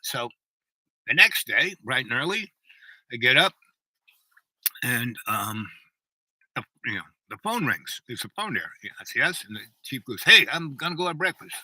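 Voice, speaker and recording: A man's voice: medium pitch, big pitch swings, unhurried, pauses often, bright, forceful tone, breathy edge, no echo, poor audio. An older man telling a long personal anecdote in a chatty, digressive way, full of restarts and asides. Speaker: storyteller.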